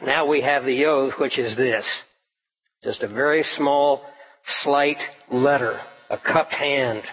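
A man with a husky, slightly rough voice teaches through scripture in a measured, steady sermon. He clears his throat now and then as he goes, and the recording sounds dull and lo-fi. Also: medium pitch, soft background music. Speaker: preacher. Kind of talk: expository Bible teaching.

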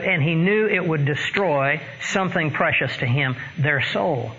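A man preaching a sermon, slow and emphatic, with dramatic pauses. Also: high voice, bright, forceful tone. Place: church sanctuary. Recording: dull lo-fi church recording with long reverb and faint hiss.

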